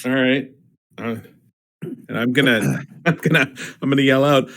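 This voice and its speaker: A man's voice: medium pitch, moderate pace, pauses often, fairly bright tone. A man playing in an online tabletop game, talking casually and laughing often between words. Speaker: player.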